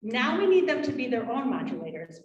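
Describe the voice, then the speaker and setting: A woman giving a workshop presentation to parents, lively, acting out quotes from parents and children. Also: fairly high pitch, brisk, dull audio. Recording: roomy, from far off.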